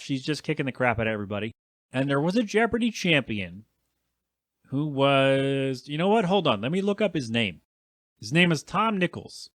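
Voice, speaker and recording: A man in his thirties talks through a solo podcast, loose and chatty, teasing himself as he goes. His voice sits at an ordinary middle pitch. It is recorded close and dry, with no room sound. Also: fairly bright tone, no echo. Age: 30s. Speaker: podcast host. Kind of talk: solo rambling podcast chat.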